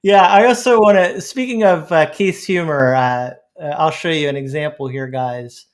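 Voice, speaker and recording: Fairly high-voiced man, laughing host. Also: moderate pace. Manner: laughing, storytelling, relaxed. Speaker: podcast host. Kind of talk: casual chat.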